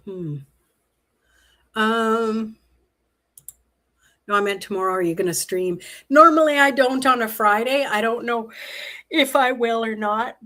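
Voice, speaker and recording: A middle-aged woman from Canada talks through a live tarot reading at a relaxed, slow pace. Her voice is bright and clear. She drifts easily between the cards and the viewers' comments, laughing often. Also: a little high. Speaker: tarot livestream host. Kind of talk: casual live-stream chat while reading tarot cards.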